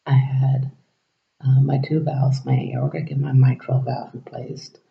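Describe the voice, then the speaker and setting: In a gravelly, monotone voice of medium pitch, a vlogger speaks a little slowly while telling a personal story to camera. He meanders casually, acts out dialogue and at times whispers. The audio is lo-fi, roomy and dull.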